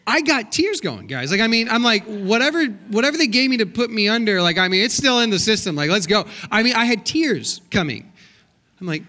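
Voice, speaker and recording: A man's voice: high-pitched, fairly quick. A middle-aged man preaching as a guest pastor, telling comic stories with acted-out quotes in a church sanctuary. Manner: animated, comic storytelling with voiced quotes. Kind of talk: sermon with storytelling.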